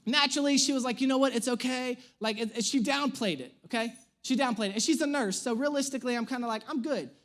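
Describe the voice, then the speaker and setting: On a church stage, a pastor in his thirties tells a humorous personal story during his sermon, animated and self-mocking. He talks fast in a very high-pitched voice.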